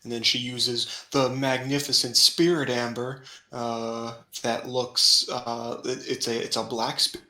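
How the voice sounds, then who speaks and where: Bright-voiced man chatting about manga. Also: medium pitch, flat delivery, roomy sound, low-quality recording. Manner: laughs often, retells scenes with quick put-on voices. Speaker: podcast host. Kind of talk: casual manga discussion chat.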